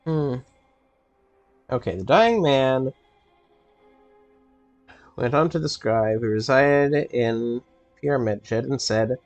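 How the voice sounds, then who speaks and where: A man playing through a puzzle game, reading the notes he finds out loud and picking them apart in a loose, playful ramble full of ums and half-finished thoughts. His mid-range voice sits close and dry on the mic, with soft game music underneath. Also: mid-range voice, takes it slowly, long pauses, no echo. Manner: reads in-game texts aloud and muses over them; playful, thinks out loud with many fillers. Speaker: let's play host. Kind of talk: casual gameplay commentary.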